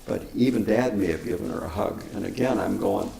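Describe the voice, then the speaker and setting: An older man, a Buddhist teacher, answering questions with unhurried, chuckling stories. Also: fairly low pitch, gravelly, mellow. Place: meditation center hall. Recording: echoey room, faint noise.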